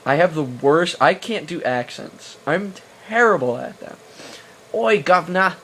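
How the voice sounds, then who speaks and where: A young man answers viewer questions in a casual vlog, filming on a handheld camera whose mic picks up slight background noise. His fairly high, slightly bright voice is animated yet a little slow, and he rambles with lots of fillers and restarts, cracking crude, self-mocking jokes.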